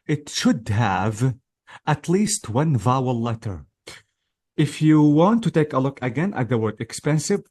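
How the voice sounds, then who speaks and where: An English test-prep teacher gives an explanatory lesson for exam practice, speaking in a medium-pitched, somewhat mellow voice. He is patient and methodical but hesitant, with many hesitations and check-ins along the way.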